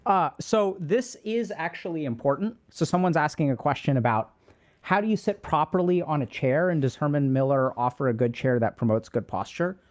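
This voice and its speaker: A man's voice: on the high side, moderate pace, darkish tone. A man hosting a casual livestream, reading out and answering chat questions in a loose, rambling way.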